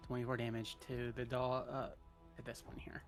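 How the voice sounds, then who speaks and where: A man's voice: mid-range voice, completely flat delivery, normal speed, faint music behind. A man playing a tabletop role-playing game, describing his character's actions in a casual way and sometimes dropping into a whisper. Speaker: player.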